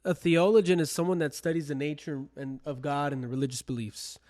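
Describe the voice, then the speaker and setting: A man's voice: fairly high pitch, fairly even intonation, a little fast, darkish tone. A young man co-hosting a casual podcast, earnestly urging listeners to think for themselves. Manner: earnest, addresses listeners directly. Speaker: podcast co-host.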